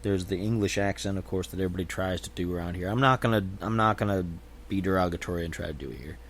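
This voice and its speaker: A man's voice: deep voice, fast talker, a little hiss or hum. A man chatting casually on his own show, rambling and unsure of himself, often hedging and restarting his sentences. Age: adult with a young daughter. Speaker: channel host. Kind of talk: casual solo chat.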